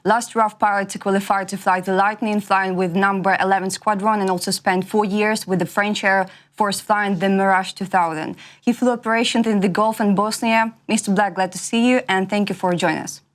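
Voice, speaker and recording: A woman's voice: medium pitch, steady tone, brisk, hardly any pauses. A woman interviewer, formally reading prepared questions to her guest.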